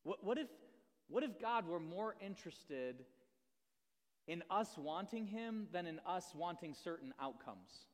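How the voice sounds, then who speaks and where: A man's voice: sits high, big pitch swings, measured pace. A man preaching a sermon in a conversational, self-deprecating way, often asking the audience questions. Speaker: pastor. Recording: long reverb of a large hall.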